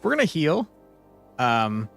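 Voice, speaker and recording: Streaming a tactics game, this young man swears in fun and throws out bursts of fake outrage during his casual commentary. His slightly high voice is gravelly and fairly bright, swooping wildly in pitch as he takes things slowly. Faint game music sits behind him.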